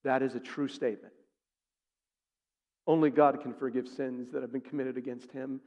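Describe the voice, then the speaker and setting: A man's voice: medium pitch, level tone, normal speed, a little mellow, lo-fi sound. Emphatic male pastor in echoing sanctuary. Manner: emphatic, poses rhetorical questions to the congregation. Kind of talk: sermon. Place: church sanctuary. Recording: long reverb of a large sanctuary.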